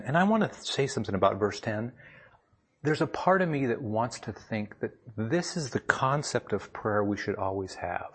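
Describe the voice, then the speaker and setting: Husky man telling a plainspoken story. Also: lowish voice, lively intonation, moderate pace. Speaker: lay speaker giving a devotional talk. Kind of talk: personal story sermon with scripture reading. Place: speaking up front to a gathering.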